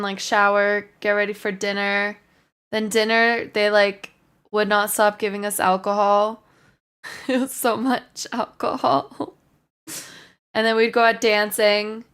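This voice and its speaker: A woman's voice: mid-range voice, a bit bright, clean tone. A young woman livestreaming, casually telling her viewers a rambling story, full of "like" and "um". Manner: rambling storytelling with many likes and ums. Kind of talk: casual chat with stream viewers.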